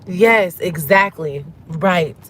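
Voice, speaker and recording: A woman's voice: on the low side, drawn-out words, slight background noise. Upset woman venting in a vlog. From Cuban family. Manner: venting, talks to viewers as girlfriends. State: upset and near tears. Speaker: vlogger. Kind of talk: emotional storytime vlog.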